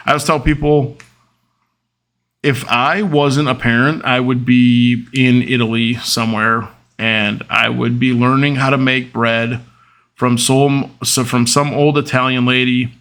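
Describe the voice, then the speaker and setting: Male host, 30s, casual monologue with a gravelly edge. Rambling and heartfelt, with plenty of ums and restarts. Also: mid-range voice, fairly bright tone. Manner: rambling, with many fillers and restarts; open and emotional. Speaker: podcast host.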